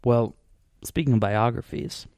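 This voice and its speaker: A man's voice: mid-range voice, unhurried, vocal fry, a little mellow, no echo, studio quality. A man hosting a podcast in casual chat, rambling with lots of fillers and restarts. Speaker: podcast host.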